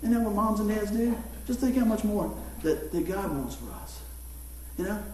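Middle-aged pastor, folksy and joking, animated high voice, roomy distant church sound. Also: male voice, moderate pace, slight background noise. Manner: folksy, joking, talks to the congregation. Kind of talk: sermon. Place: church sanctuary. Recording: echoey church room, mic far off.

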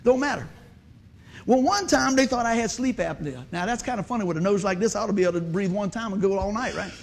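A man's voice: high-pitched, lively intonation, fast talker, gravelly, slight background noise. A man preaching a sermon, telling a folksy story and joking with the congregation. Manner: folksy, conversational, joking with the audience.

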